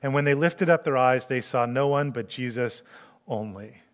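A man preaching a sermon in an animated way, acting out the voices he quotes. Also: mid-range voice, moderate pace, big-room sound.

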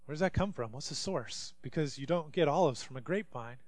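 A young man preaching a sermon as a pastor, telling stories with big swings from hushed to loud. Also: fairly high pitch, fast talker, few pauses, dry recording. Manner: animated storytelling, swinging from quiet to loud.

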